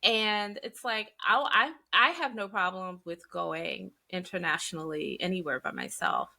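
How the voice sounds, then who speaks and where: A woman with a Southern accent hosting a podcast in casual chat, bubbly and animated, acting out quotes as she tells stories. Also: fairly low pitch, measured pace, gravelly. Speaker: podcast host.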